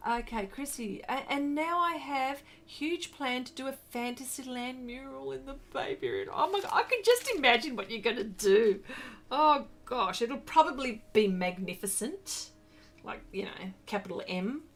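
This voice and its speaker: A woman's voice: sits high, animated, moderate pace. A middle-aged woman, hosting a casual art livestream, effusively reading out viewer comments while she paints. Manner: gushing, effusive, reads viewer comments aloud.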